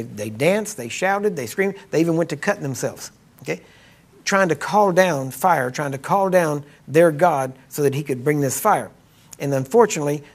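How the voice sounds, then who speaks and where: A man preaching a sermon, retelling a Bible story in plain talk and acting out the quotes with a mocking edge. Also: a little high. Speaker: preacher and ministry teacher.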